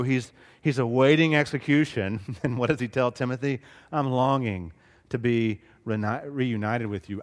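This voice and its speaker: A middle-aged man from Southeast Alabama with a Southern accent, preaching a sermon earnestly, swinging between loud emphasis and hushed asides. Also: mid-range voice. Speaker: pastor. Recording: long reverb of a large hall.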